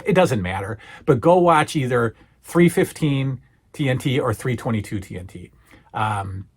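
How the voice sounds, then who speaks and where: A man's voice: mid-range voice, slightly rough. A man hosting a podcast, retelling a show in an enthusiastic, casual review and often restarting his words. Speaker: podcast host.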